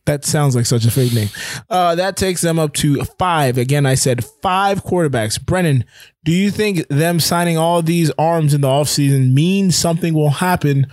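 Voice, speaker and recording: A young man co-hosting a casual sports podcast, teasing his partner and quick to push back. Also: a little high, a little mellow, no room sound. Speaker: podcast co-host.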